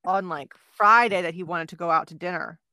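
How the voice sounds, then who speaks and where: Bright-voiced woman in casual chat. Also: on the low side, brisk, no room sound, studio quality. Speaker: podcast co-host.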